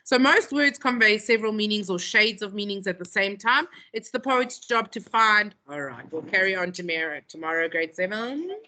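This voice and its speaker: A woman's voice: medium pitch, lively intonation, moderate pace, hardly any pauses, bright, forceful tone. A woman teaching a poetry lesson to a school class, repeating phrases for emphasis and calling on pupils.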